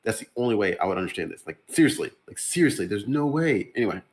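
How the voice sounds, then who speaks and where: A man co-hosting a podcast among friends, talking in an incredulous, swearing, animated way. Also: lowish voice, fast. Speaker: podcast co-host. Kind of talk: casual chat among friends.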